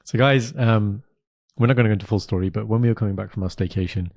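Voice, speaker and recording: A man co-hosting a podcast in rapid, animated casual chat. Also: fairly low pitch, no echo, muffled recording. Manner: rapid, animated, mixing in Punjabi. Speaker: podcast co-host.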